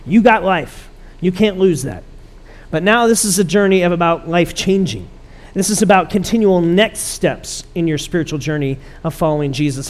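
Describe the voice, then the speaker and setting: A man pastor preaching a conversational, emphatic sermon to his church. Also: high voice.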